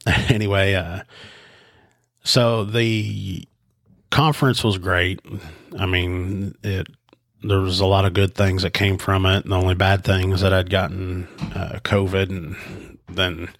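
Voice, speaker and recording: A sheriff's investigator who hosts a podcast tells a story casually, rambling with plenty of fillers and restarts. He sounds congested and stuffed up, his voice low, level, slow and gravelly. The recording is dry and studio quality.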